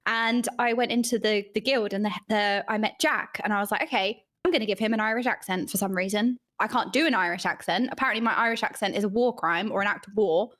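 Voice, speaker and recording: A woman guest on a casual podcast who tells her stories in an animated way. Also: mid-range voice, quick pace, hardly any pauses. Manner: animated storytelling. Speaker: streamer guest.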